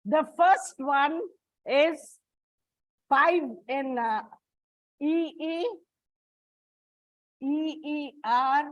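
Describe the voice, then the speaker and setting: In a dull, lo-fi, dry recording with no room sound, a high-voiced woman gives a classroom lecture on English stress rules. She explains slowly and deliberately, step by step, and calls her students children.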